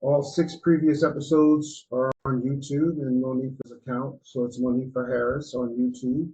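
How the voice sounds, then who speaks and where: A man co-hosting a podcast, giving relaxed, mentoring advice in a casual chat. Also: medium pitch, moderate pace, rough recording. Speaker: podcast co-host.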